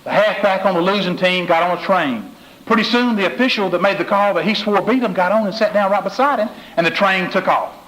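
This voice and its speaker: A motivational speaker works through folksy stories and jokes. His voice sits a little high for a man, and he drives points home by repeating short phrases. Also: a little fast, fairly bright tone, poor audio.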